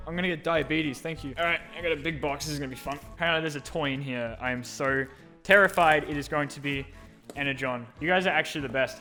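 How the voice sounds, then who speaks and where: Excitable young man with a slightly high voice. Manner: excitable and sarcastic, with sudden jumps between loud gushing and mumbled asides. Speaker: YouTube host. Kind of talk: casual Q&A and unboxing chat.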